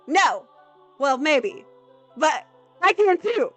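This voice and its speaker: Woman streamer, high and unhurried, excitable chatter over faint game music. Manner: excitable, jumps into high-pitched exclamations, then goes flat and deadpan. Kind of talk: casual live gameplay commentary.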